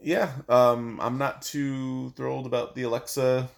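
A man's voice: mid-range voice, flat delivery, a little slow, gravelly. A man co-hosting a podcast, talking in a loose, rambling, jokey way. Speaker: podcast co-host. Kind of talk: casual chat.

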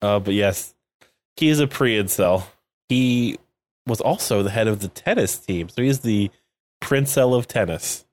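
A man's voice: on the low side, animated, a little slow, a little mellow. A man co-hosting a podcast in casual chat, recapping a show with jokes, laughing often and acting out characters' lines. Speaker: podcast co-host.

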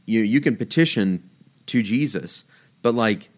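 On a podcast, a male host talks casually about faith, telling stories with animation and lifting his voice for quoted lines. His voice is lowish and expressive, and he speaks at a measured pace.

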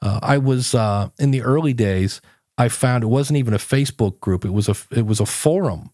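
A man's voice: medium pitch, moderate pace, warm tone, no echo, studio quality. A man guesting on a podcast, telling stories in a casual chat and acting out his own quotes.

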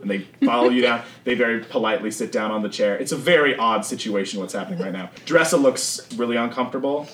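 A man's voice: medium pitch, fast, few pauses. A man narrating and running a tabletop role-playing game in a loose, conversational way. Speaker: game master. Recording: echoey room, mic far off, faint noise.

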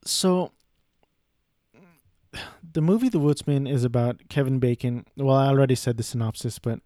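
Young guy rambling about a movie, mellow dark voice, dry close sound, cusses a lot. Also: medium pitch, normal speed, no room sound. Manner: rambling, profane, frequent restarts and asides. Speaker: film reviewer. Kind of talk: casual spoken film review.

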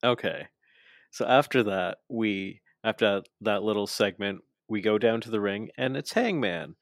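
A man co-hosting a podcast, casually recapping a wrestling show and mocking the wrestlers' lines in quick asides. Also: on the low side, vocal fry, dry recording. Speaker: podcast co-host.

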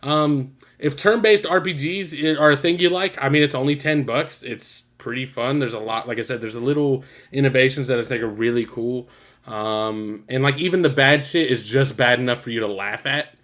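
A man co-hosting a podcast, telling stories in an animated, profane, exasperated way. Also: mid-range voice, moderate pace. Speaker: podcast co-host. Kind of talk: casual podcast chat.

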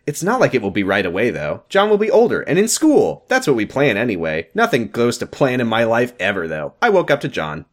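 A man with a mid-range voice co-hosts a comedy podcast. He reads story passages and listener comments playfully, and his pitch moves a lot. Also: wildly swooping pitch. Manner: playful, reading comments aloud, quick laughs. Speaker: podcast co-host.

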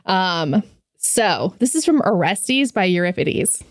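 A woman's voice: fairly low pitch, sing-song, slow pace, no echo, clean studio sound. A woman co-hosting a podcast, chatting casually with many fillers and reading lore text aloud. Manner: chatty, filler-heavy, laughs often. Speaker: podcast co-host.

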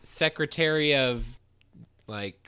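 A man's voice: fairly high pitch, slow pace, pushed and bright, slight background noise. A man in casual comedic chat, laid-back and rambling, often trailing off.

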